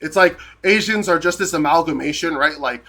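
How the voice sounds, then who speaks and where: This American live streamer has a fairly high, bright voice with a forceful tone and speaks fairly quickly. He rants heatedly, swears a lot, and tags "right?" onto nearly every point.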